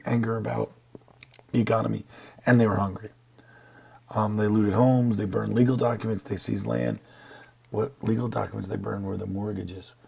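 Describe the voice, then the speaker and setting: A man's voice: lowish voice, gravelly, mellow, husky. A man teaching a history lesson over slides, casual and joking with slang asides. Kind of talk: classroom lecture over slides.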